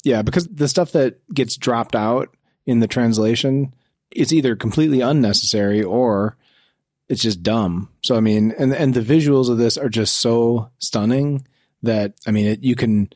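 A man's voice: medium pitch, moderate pace, darkish tone, no echo. Guy cohosting a movie podcast, laid back and matter of fact, dry close mic. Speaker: podcast co-host. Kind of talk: casual movie chat.

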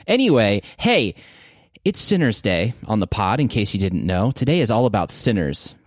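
A man's voice: fairly low pitch, very animated, normal speed, dry recording, studio quality. A man co-hosting a podcast, chatting casually and enthusiastically about movies and shows. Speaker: podcast co-host.

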